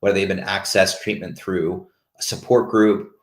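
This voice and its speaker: A man speaks openly and casually on a video call, often stopping and restarting as he searches for words. His voice sits on the low side. The room adds a noticeable echo. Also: flat delivery, normal speed. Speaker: host of a peer support call. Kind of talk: candid casual talk. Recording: roomy echo.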